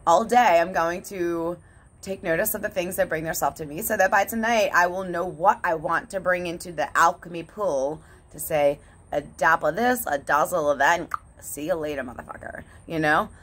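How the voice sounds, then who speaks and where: A woman's voice: lowish voice, moderate pace, a bit bright, slightly rough. A woman talking in a casual, candid vlog monologue, swearing often and laughing between thoughts. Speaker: vlogger.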